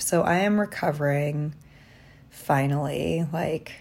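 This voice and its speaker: A woman talking through a personal diary vlog from a hotel room, reflective and halting, tired after little sleep. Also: low voice, level tone. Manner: reflective, halting, soft-spoken. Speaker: vlogger.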